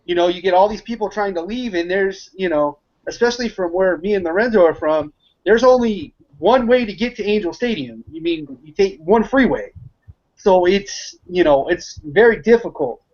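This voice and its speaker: A man's voice: high-pitched, lively intonation, normal speed, darkish tone, lo-fi sound. A man on a sports panel call who gives blunt, joking opinions. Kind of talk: casual panel talk over a call.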